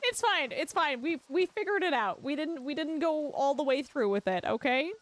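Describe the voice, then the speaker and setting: Young Canadian woman streamer, high bright pitch, bubbly and chatty with her chat. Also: animated, normal speed, no echo. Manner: bubbly, giggly, chatty with viewers. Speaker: livestream gamer. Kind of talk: casual livestream chat.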